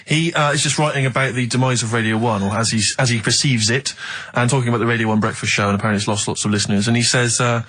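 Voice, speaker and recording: Fast-talking, dry male radio co-host. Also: medium pitch, steady tone, a bit bright. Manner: dry, mock-serious. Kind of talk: casual comic radio chat. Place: radio studio. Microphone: studio microphone.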